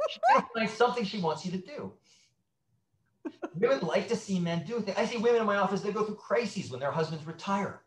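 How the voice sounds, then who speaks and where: A middle-aged man speaks as a guest sex therapist, his voice on the higher side and swinging widely as he acts out little scenes. He restarts often and tells things like stories. The sound is roomy, with echo around him. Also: fairly quick. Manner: animated storyteller, acts out quotes, many restarts. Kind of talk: conversational interview.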